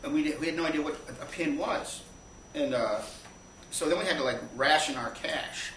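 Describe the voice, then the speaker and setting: A man's voice: fairly high pitch, fairly bright tone. A man spins a meandering anecdote live on a small stage, his mid-range voice caught by a distant mic. The room rings with echo, and a faint hum of ambience sits under him. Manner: rambling, anecdotal, halting with restarts. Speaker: storyteller. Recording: echoey live room from far off.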